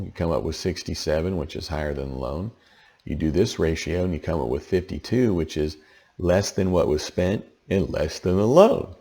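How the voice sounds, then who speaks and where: A man with a very low, gravelly voice walks through a tax lesson in a loose, conversational way. He sounds tired from the late hour. He keeps pausing to ask "okay?" as he explains. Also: mellow. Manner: conversational, checks in with frequent "okay?". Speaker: tax educator.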